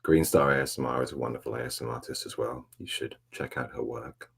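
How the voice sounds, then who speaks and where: Gravelly, very deep man. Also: fast talker. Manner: rambling, reading and answering live chat; laid-back, self-mocking. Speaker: ASMR livestream host. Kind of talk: soft-spoken ASMR live chat.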